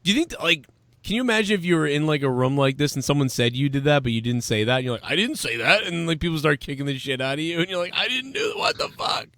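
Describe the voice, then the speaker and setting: A man co-hosting a casual chat show, reacting loudly to a video, swearing, laughing hard and mimicking people. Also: a little high, lively intonation, rapid-fire, no room sound. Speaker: podcast co-host.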